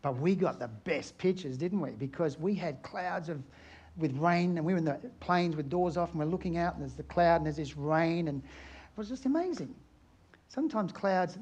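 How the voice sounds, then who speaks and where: A man's voice: on the high side, a little mellow, breathy edge. A middle-aged man from Australia, an aerial photographer giving a chatty, anecdotal conference talk and asking his audience questions.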